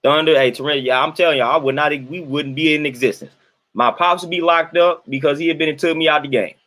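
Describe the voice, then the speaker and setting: A man's voice: a little high, fairly even intonation, fast talker, fairly bright tone. A young adult man, casually talking to his livestream chat, colloquial and repeating himself for emphasis. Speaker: livestream host reading chat.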